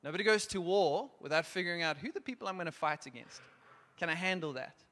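Bright-voiced preacher man in a reverberant church. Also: high-pitched, fast. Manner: urgent, exhorting, drops to hushed prayerful tones. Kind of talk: sermon with altar call. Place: church hall. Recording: long church hall reverb.

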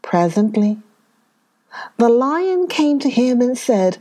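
A woman narrating a children's story, reading slowly and with plenty of expression. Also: fairly high pitch, big pitch swings, mellow.

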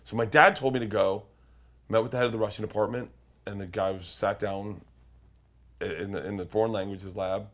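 A comedian in his forties, appearing as an interview guest, rambles through a story and keeps cutting himself off to quote people in character. His voice sits on the low side with a steady, fairly bright tone, and he talks a little fast.

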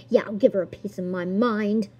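A woman's voice: mid-range voice, steady tone, moderate pace, darkish tone, breathy edge, dull audio. A woman giggling and exclaiming as she plays a video game and reads its text aloud. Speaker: gamer. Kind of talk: let's-play commentary.

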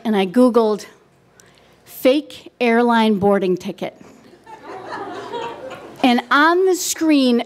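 A middle-aged woman telling a personal story on stage at a live event, warm and wry with dry humor. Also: on the high side.

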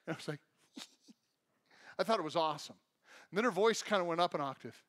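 A man's voice: sits high, fast talker, long pauses, a bit bright. A man preaching a sermon as a pastor, telling stories and acting out the voices of people in them. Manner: storytelling, acts out quoted voices. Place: church sanctuary.

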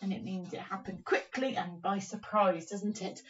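A woman teaching young children a phonics lesson, speaking in a slow, encouraging, sing-song way and sounding out words. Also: mid-range voice. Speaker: primary teacher. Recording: dull, slightly distant recording.

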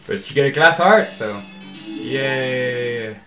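A man talking through a video game playthrough in a casual, rambling way, quick to grumble at the game. His voice sits at an ordinary middle pitch. It rings in an echoey room, with faint game music underneath. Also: lively intonation, fairly bright tone. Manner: rambling and easily exasperated, says "freaking" often. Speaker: let's play host. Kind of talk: casual gameplay commentary.

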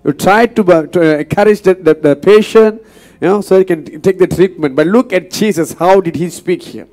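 A pastor preaching a sermon earnestly, repeating points and asking the congregation questions. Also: male voice, high voice, brisk, darkish tone.

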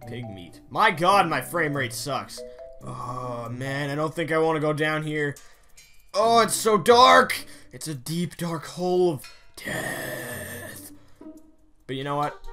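A young man giving casual, excitable commentary while playing a video game, often breaking into mock-angry yelling. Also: medium pitch. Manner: excitable, yells and mock-rages at game animals. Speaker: gaming YouTuber.

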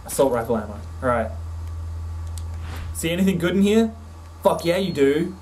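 A man's voice: a little high, animated, moderate pace, a little mellow, a little hiss or hum, low-quality recording. A man streaming a horror game, swearing and jumpy while he talks to his companion through a desk mic. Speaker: gameplay streamer. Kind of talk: let's play commentary. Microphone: desk mic with face cam.

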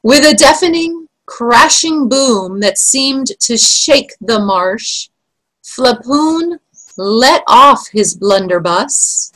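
A woman from Panama, a teacher, reading a children's book aloud in an expressive, deliberate way. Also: a little high, rough recording. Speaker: storyteller, teacher.

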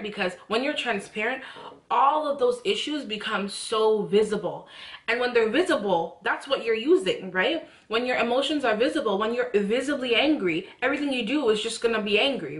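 A woman's voice: fairly high pitch, expressive, normal speed, fairly bright tone. A young woman talking earnestly and casually about faith, often restarting and rising into heartfelt prayers. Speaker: faith vlogger. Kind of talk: casual faith talk to camera. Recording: echoey room.

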